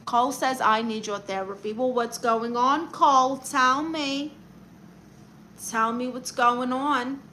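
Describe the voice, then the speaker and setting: A brassy Brooklyn woman reads viewer comments on her comedy livestream and dishes out blunt, sassy advice, addressing people as "honey." Her voice is fairly high, sharp and bright, with a steady tone and slow pace, and a faint hiss underneath.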